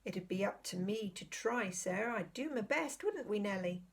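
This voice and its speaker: A woman's voice: mid-range voice, expressive, moderate pace, vocal fry, husky. A woman reading aloud, voicing a modest, honest male cabbie with a Cockney accent who speaks deferentially. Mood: humble. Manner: shy, deferential, plain-spoken. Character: humble middle-aged male London cabbie, modest and honest.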